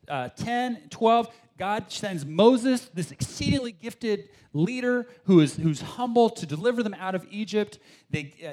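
A man preaching a sermon in an animated way, often restarting his sentences as he talks it through. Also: high voice. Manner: animated, acts out complaining voices, frequent restarts. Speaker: pastor.

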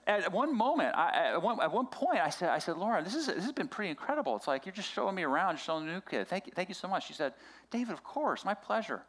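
A man's voice: high voice, very animated, fast, fairly bright tone. A middle-aged man preaching a sermon as a pastor, telling a personal story with many restarts and asides.

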